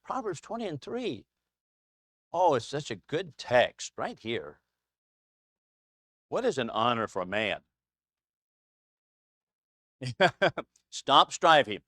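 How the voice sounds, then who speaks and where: A man's voice: mid-range voice, sing-song, slow pace, long pauses, fairly bright tone, dry recording, studio quality. Chatty man teaching a Bible class. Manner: chatty and anecdotal, chuckles often. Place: church classroom with a small group.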